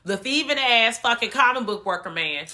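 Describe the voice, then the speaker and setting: Animated, profane woman recapping a movie. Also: on the high side, normal speed. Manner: animated, profane storytelling with acted-out voices. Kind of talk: casual movie recap chat.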